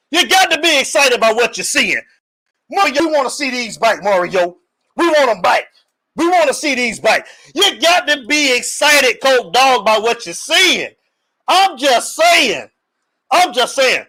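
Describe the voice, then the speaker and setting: Brief: male live-stream sports host, high, bright and pumped up, slangy and calling out to his audience. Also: rough recording. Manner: energetic hype man, calls out viewers, slangy. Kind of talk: hyped casual live-stream talk.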